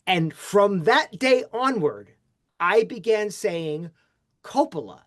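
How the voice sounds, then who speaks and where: Animated male podcast host telling a story. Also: takes it slowly. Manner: animated storytelling with wide pitch swings. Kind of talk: casual interview chat.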